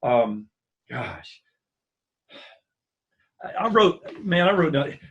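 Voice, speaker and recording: A middle-aged man from the US mainland, once a school ministry coordinator, tells stories in a casual video-call interview. An animated storyteller, he acts out the people he quotes by lifting his voice. His voice is on the high side, gravelly and very slow, and the audio sounds dull.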